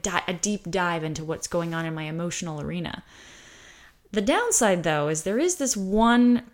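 An American woman talks through her subject in a relaxed, unscripted monologue. Her voice sits a little low, yet she is lively and jumps up in pitch whenever she mimics what others might say. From United States. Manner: animated, acts out quoted voices with pitch jumps. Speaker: host talking about high sensitivity. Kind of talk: casual explanatory monologue.

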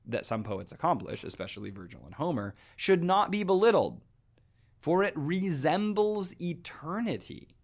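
A man talks through classical poetry on his podcast in a thoughtful, lecturing way. He reads passages of translated verse aloud and often restarts his sentences as he works out an idea. His voice sits at an ordinary middle pitch. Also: vocal fry.

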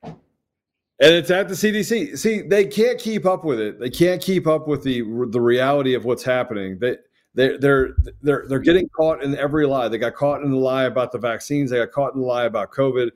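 A man's voice: medium pitch, fairly quick. A man co-hosting a political talk show, speaking emphatically with stammering restarts. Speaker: co-host.

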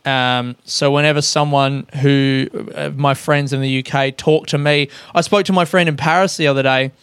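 A man's voice: mid-range voice, steady tone, moderate pace, a bit bright, smooth, no echo. An Australian man talking in a loose, rambling solo monologue as a podcast host, swearing often and poking fun at himself. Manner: sweary, rambling, self-mocking.

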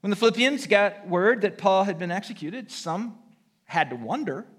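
High, lively-voiced male preacher. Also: moderate pace. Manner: earnest preaching with repeated key phrases. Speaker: pastor. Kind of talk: sermon. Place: church sanctuary.

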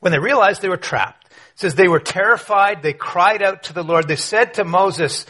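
A man preaching a conversational sermon, telling a story with rhetorical questions and quiet asides. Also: high voice, expressive, a little fast, breathy edge. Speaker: pastor.

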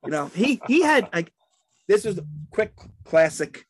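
A man's voice: high-pitched, big pitch swings, a little slow, breathy edge, dry recording. A man in casual sports chat, telling rambling stories with many restarts.

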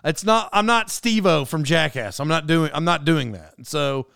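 Fast-talking rambling young man. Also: a little high, creaky, clear, resonant tone, dry recording, clean studio sound. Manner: animated, self-interrupting. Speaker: storyteller. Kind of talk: casual anecdote monologue.

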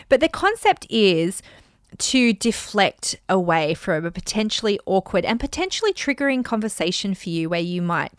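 A woman hosting a casual talk on money mindset, chatty and animated, acting out bits of dialogue. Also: medium pitch, dry recording, clean studio sound. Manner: chatty and animated, acts out dialogue in bright voices. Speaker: host and money mindset coach. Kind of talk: casual teaching monologue.

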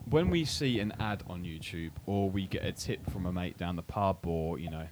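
A man's voice: sits low, animated, normal speed, noisy background. A man co-hosting a podcast in casual chat, rambling and restarting his sentences. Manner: rambling, self-correcting, restarts. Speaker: podcast co-host.

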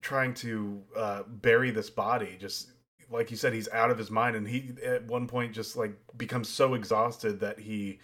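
A man's voice: on the low side, flat delivery, normal speed, fairly bright tone. A man co-hosting a podcast, talking through a film's ending in a thoughtful, hedging way. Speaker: podcast co-host. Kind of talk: casual film review chat.

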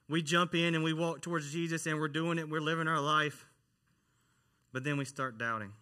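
A man's voice: medium pitch, pushed and bright. A man, a church worship minister, preaching a conversational sermon and often asking the congregation questions.

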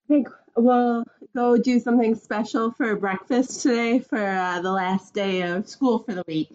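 A woman's voice: on the high side, fairly even intonation, measured pace, darkish tone, muffled recording. A woman taking part in a class, sharing an idea in a casual, thinking-aloud way. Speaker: class participant.

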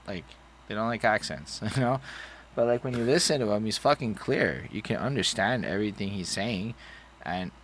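A man with a lowish voice chats casually about a record, swearing freely and wandering from point to point. A faint hiss of noise sits under his voice. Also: a bit bright. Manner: loose, profane, rambling. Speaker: podcast co-host reviewing an album. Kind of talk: casual album review chat.

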